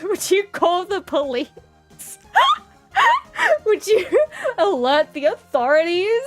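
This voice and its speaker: High, lively, giggly woman streamer. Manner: rambling, giggly, playful tangents. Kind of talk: casual live-stream chat while drawing.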